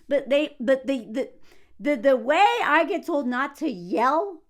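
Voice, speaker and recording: A middle-aged woman ranting to camera in a loud, emphatic vlog, often breaking into yelling. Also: high voice, animated, unhurried. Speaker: vlogger.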